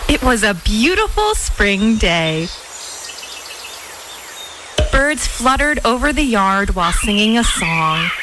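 A woman narrating a children's storybook in an expressive, sing-song way. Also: medium pitch, slow, pauses often, background noise. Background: soft music.

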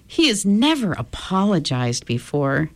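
A woman voicing a polite, gentle young girl who exclaims in a high, wondering way. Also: sing-song, a little slow. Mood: eager.

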